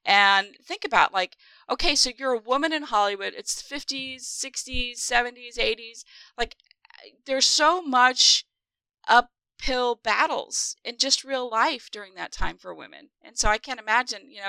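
Animated woman gushing on a podcast, bright voice, dry sound. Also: a little high, normal speed, clear, resonant tone, dry recording. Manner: animated, chatty storyteller. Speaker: podcast co-host. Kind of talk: casual podcast chat about a book.

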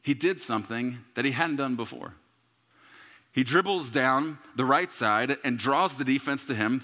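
A man in his thirties preaching a sermon as a pastor, telling a story with humor and bursts of shouting. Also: fairly high pitch, big-room sound.

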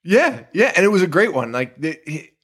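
Excitable man recapping a horror film. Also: high voice, moderate pace. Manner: excitable, swearing, retells scenes with quoted voices. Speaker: podcast co-host. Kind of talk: casual movie review chat.

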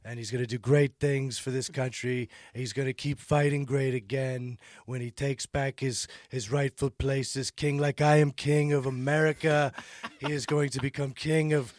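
A man's voice: medium pitch, little pitch movement, normal speed, hardly any pauses, no echo, clean studio sound, close to an everyday voice. A man doing a comedic impression of a boastful politician who brags in superlatives and stumbles over his words. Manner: repetitive bragging, superlatives, stumbling restarts.

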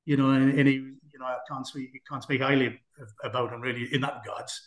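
Speaking briskly with medium pitch and fairly even intonation, a man who used to play football rambles through anecdotes in a conversational interview, using lots of fillers. A roomy echo surrounds the recording.

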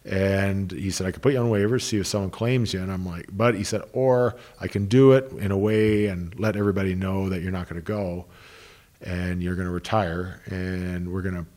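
A man's voice: sits low, steady tone, normal speed, a little mellow. A man, a hockey coach, telling long anecdotes in an interview, restarting sentences and quoting people he worked with. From Canada. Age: 30s. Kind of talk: interview storytelling.

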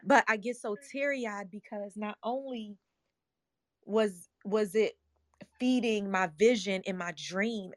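A woman's voice: medium pitch, no room sound, clean studio sound. A woman hosting an online audio room, telling a personal story in a passionate, emotional, earnest way. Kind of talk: passionate motivational talk.

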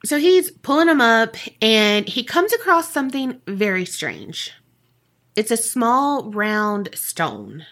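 A woman's voice: fairly high pitch, sing-song, takes it slowly, a bit bright. A woman co-hosting a podcast, telling a story in casual, profane chat full of "like" and "you know", often giggling. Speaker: podcast co-host.

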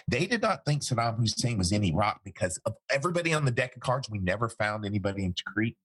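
A man with a husky, slightly rough voice retells a story from his time as an interrogator. He speaks at a middle pitch and brings the quoted exchanges to life as he talks. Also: big pitch swings, quick pace, few pauses, a bit bright. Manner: dramatic retelling, acting out quoted dialogue. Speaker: former military interrogator telling a story.

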